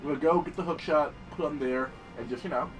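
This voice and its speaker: A young man commentating his gameplay, excitable and profane, often yelling at the game. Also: a little high, fast talker, distant mic, soft background music. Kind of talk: let's play commentary.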